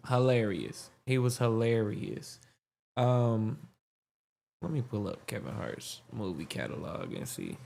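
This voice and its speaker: A man's voice: mid-range voice, a little slow, gravelly. A man hosting a live podcast stream, chatting casually about comedy clips. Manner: relaxed, chatty reactions. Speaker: podcast host.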